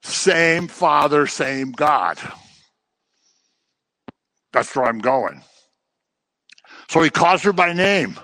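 Bright-voiced male preacher, dry sound. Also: a little high, expressive, very slow, pauses often, dry recording. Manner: storytelling, acting out the people he quotes; informal, with fillers and restarts. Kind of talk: conversational Bible teaching.

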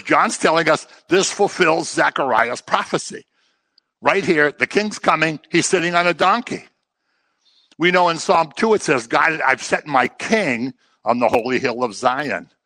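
A man's voice: on the high side, expressive, moderate pace, bright, forceful tone, dry recording. A man teaching through a Bible passage verse by verse, conversational and explanatory with humorous asides.

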